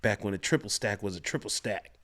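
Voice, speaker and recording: A man's voice: fairly low pitch, fairly quick, noisy background. A man, chatting casually and laughing while he reacts to a comedy clip. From Georgia, US. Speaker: reaction video host.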